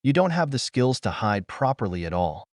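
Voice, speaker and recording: A man reading the part of a calm, blunt male ninja mentor in an audiobook. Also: medium pitch, moderate pace, no echo, clean studio sound, natural voice.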